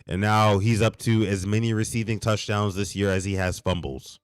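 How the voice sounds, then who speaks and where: A man hosting a late-night live sports reaction stream, hoarse and a little sick, ranting in an animated, exasperated way with frequent restarts. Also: fairly low pitch, moderate pace, no echo. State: hoarse, under the weather. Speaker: podcast host.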